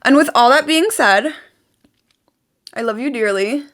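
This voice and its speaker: High-voiced animated young woman vlogger. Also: measured pace. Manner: animated, emphatic, repetitive, swears casually. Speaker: manifestation vlogger. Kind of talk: casual motivational vlog.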